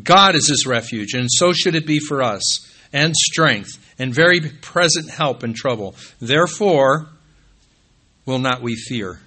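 A man preaches a sermon in a church with a bright, forceful tone. His voice climbs to emphatic peaks on key phrases. It falls low and soft whenever he names the next passage. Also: lively intonation, unhurried, slightly rough. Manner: rises to emphatic peaks, drops low and quiet when calling out scripture references. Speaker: pastor.

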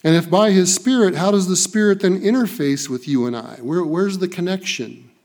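A man delivers a sermon, his voice pitched a little higher than most men's. He drives points home by repeating phrases and sometimes restarts a sentence mid-thought. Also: normal speed, darkish tone. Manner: emphatic, repeats key phrases, occasional restarts. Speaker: preacher. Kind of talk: sermon with scripture reading.

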